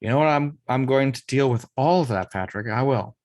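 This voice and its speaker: A man's voice: fairly quick, no echo, natural voice. A man reading as a brash, restless movie star. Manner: swings from mumbling low to sudden shouts. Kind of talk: amateur script table read.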